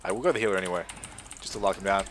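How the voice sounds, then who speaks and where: This gaming video creator is a young man with a low voice, talking at a racing speed over a faint hiss or hum. Animated and rambling, he swears constantly through a long story before shifting into laid-back commentary on his own game.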